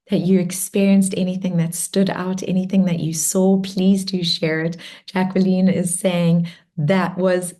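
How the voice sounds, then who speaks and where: A woman closing a guided meditation and warmly encouraging an online group as she reads out their comments. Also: fairly low pitch. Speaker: meditation and spiritual workshop leader. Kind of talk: guided meditation close and live group check-in.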